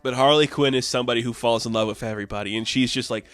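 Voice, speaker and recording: A man's voice: medium pitch, steady tone, racing, a bit bright, clear, resonant tone, no echo. Casual man recapping a comic. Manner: casual, laughing, lots of fillers. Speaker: comic book reviewer.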